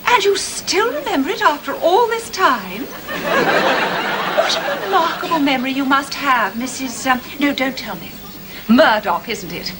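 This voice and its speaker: A British woman consul general, high-voiced and lively, whose politeness carries a sarcastic edge. Her pitch swoops as she charms and needles. The old TV tape adds constant hiss. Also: measured pace. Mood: arch. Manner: brightly gracious, arch, sarcastically polite. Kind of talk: 1980s TV sitcom acting. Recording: noisy old TV recording.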